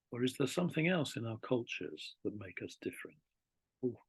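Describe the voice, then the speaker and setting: A British man giving a relaxed, chatty English lesson, repeating words slowly to demonstrate pronunciation. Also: medium pitch, slightly rough, no room sound. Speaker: English teacher. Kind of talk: casual spoken English lesson.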